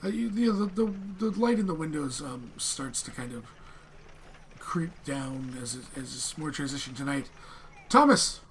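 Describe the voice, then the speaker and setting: A man's voice: medium pitch, slight background noise. A man running a tabletop game as game master, narrating with many fillers and restarts. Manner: halting, filler-heavy narration.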